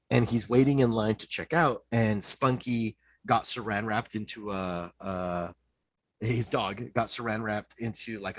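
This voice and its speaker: Excited husky man retelling cartoons. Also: mid-range voice, no room sound, poor audio. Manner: excited, profane storytelling, many "like" fillers. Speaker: podcast co-host. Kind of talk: casual chat.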